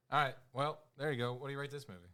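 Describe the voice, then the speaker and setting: A man's voice: mid-range voice, fairly even intonation, fast, sharp tone, clear, resonant tone. A man co-hosting a podcast, laid-back, giving short reactions and reading movie facts from notes. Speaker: podcast co-host. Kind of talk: casual chat.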